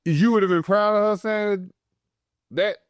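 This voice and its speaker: A man co-hosting a laid-back podcast, speaking with a slightly raised pitch. He talks bluntly and swears freely, using plenty of slang. The sound is dry and close, with no room echo. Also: steady tone, measured pace, smooth. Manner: blunt, profane, slangy banter. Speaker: podcast co-host. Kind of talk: casual chat.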